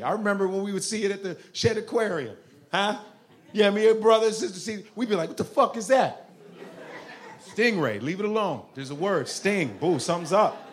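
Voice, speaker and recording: A man doing stand-up comedy, profane and animated, jumping into voices. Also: high voice, background noise.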